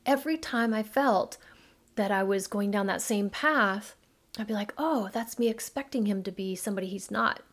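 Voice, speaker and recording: A middle-aged woman hosting a podcast, telling a personal story in an earnest, animated way and acting out dialogue. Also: mid-range voice, moderate pace. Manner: addresses listeners as mamas. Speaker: podcast host, midlife coach. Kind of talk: casual monologue podcast.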